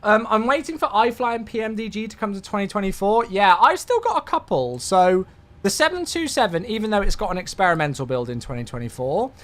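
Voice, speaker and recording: A British man in his thirties chats casually on a live stream, thanking his viewers in an excitable, effusive way. His voice sits high and his pace is brisk.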